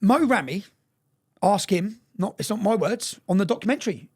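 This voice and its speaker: A man telling a story fast and bluntly in a casual interview, swearing freely and often checking in with "yeah?". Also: high-pitched, expressive, darkish tone, slightly rough.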